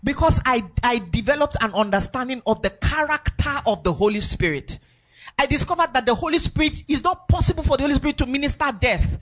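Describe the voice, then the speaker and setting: A woman's voice: sits high, animated, brisk, fairly bright tone. A woman preaching a sermon, emphatic and repetitive, with sing-song rises in her voice.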